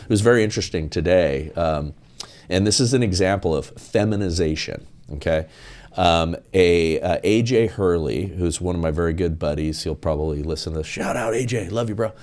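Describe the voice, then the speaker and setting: A man's voice: low voice, normal speed, darkish tone. A man talking as a podcast guest in an emphatic, preachy way, hammering his points with repetition. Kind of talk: podcast interview.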